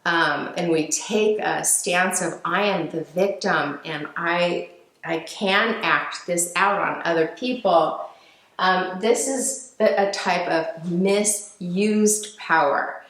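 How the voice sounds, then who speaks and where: A woman speaks slowly and gently in a fairly low voice, with many fillers and restarts as she teaches. Her voice rings in an echoey room. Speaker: speaker on emotional healing. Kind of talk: reflective teaching talk.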